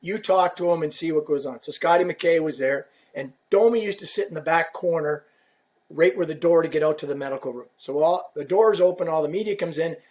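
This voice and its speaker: His voice fairly high and a little fast, this man, once an equipment rep, spins a story as a podcast guest. He's lively and foul-mouthed, performing the dialogue as he goes in a relaxed, anecdotal style.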